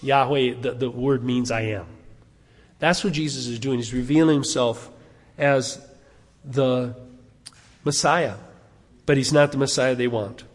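A man preaching a sermon, animated, asking his congregation rhetorical questions. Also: medium pitch, a little slow, pauses often, in a large hall. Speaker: pastor.

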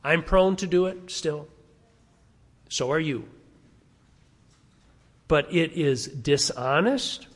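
A man's voice: fairly high pitch, takes it slowly, pauses often. A man preaching a sermon as pastor, speaking emphatically and stacking rhetorical questions. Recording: long reverb of a large hall.

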